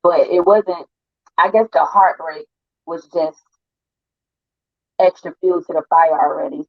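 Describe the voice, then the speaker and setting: A woman's voice: deep voice, steady tone, a little slow, creaky, no room sound, muffled recording. A woman interviewed over a video call, telling her story in an earnest, plain-spoken way. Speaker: interview guest. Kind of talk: personal storytelling.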